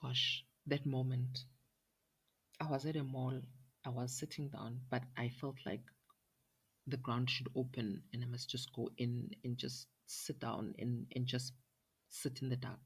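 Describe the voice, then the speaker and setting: A woman's voice: rumbling low, little pitch movement, unhurried, breathy edge. A woman host, telling a personal story emphatically and quoting what others said. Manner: emphatic, retells dialogue in quoted voices. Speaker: podcast host.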